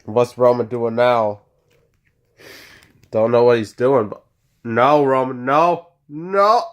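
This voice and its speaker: Host calling a wrestling video game at a very slow, drawn-out pace, excitable, talking to the wrestlers on screen. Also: mid-range voice, muffled recording. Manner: excitable, full of gasps and "oh" exclamations. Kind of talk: play-by-play game commentary.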